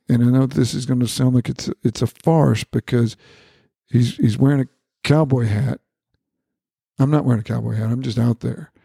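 A man's voice: vocal fry, mellow, dry recording, studio quality. A middle-aged man earnestly recounting a personal experience as an interview guest, repeating words and quoting dialogue in a lifted voice. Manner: repeats words, quotes dialogue with rising pitch. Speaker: guest, family doctor.

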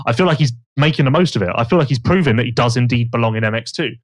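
A man's voice: mid-range voice, lively intonation, very fast. A man co-hosting a podcast, chatting casually and teasingly about motocross racing, rambling with restarts. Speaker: podcast co-host.

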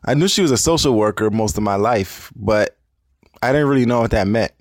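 Man, low voice, reflective storyteller, dry close sound. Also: a little fast, dry recording. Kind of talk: personal storytelling.

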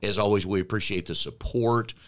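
A man's voice: on the low side, a little fast. A man co-hosting a business coaching podcast, chatting casually with an easygoing, jokey manner.

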